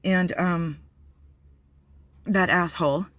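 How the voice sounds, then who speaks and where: A woman's voice: lowish voice, steady tone, takes it slowly, fairly bright tone, no room sound. A woman candidly telling a personal story on her vlog, blunt and profane, with many fillers. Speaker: vlogger.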